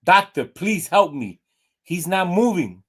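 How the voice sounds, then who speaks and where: A man's voice: on the high side, unhurried, darkish tone. A man voicing a distraught woman pet owner in a joke, pleading in a raised, panicky voice. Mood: panicked.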